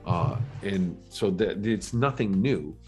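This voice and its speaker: A middle-aged man, a podcast guest, telling his life story in a candid, earnest and reflective way, with halting restarts. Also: on the low side, expressive, a little mellow, faint music behind.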